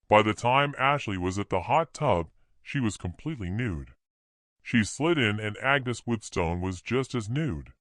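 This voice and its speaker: Man with a lively narrating voice. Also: fairly low pitch, no echo, clean studio sound. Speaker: audiobook narrator. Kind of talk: audiobook narration.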